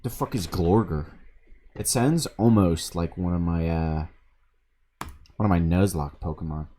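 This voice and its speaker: A man's voice: sits low, measured pace, warm tone. A man streaming a video game on a desk microphone, casually telling stories between moves, swearing freely and laughing along the way. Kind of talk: casual storytelling while gaming.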